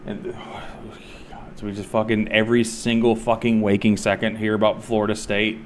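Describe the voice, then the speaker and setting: A man's voice: fairly low pitch, completely flat delivery, normal speed, a little hiss or hum. A man streaming a game and chatting casually, rambling and swearing freely. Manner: rambling, profane, laid-back. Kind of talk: casual chat while gaming.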